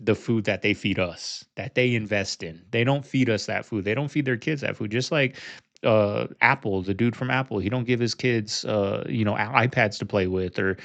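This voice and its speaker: A man's voice: on the low side, moderate pace, gravelly, fairly bright tone. A man hosting a reaction video, talking casually and rambling with lots of fillers and restarts. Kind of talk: casual commentary.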